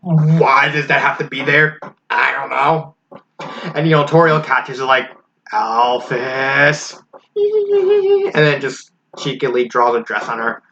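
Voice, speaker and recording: A man's voice: fairly high pitch, very animated, unhurried, bright, forceful tone. A man giving a casual spoken review of a fan story, frank and critical, thinking aloud as he goes. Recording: slightly dull lo-fi recording with faint hiss.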